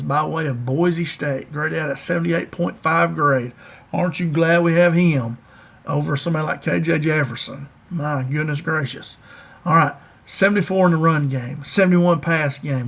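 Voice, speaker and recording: A man running through his team's top players in a casual, folksy rundown. He is enthusiastic and addresses his viewers directly, and his voice sits a touch higher than most men's. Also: creaky, fairly bright tone. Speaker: college football fan commentator. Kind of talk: casual sports breakdown.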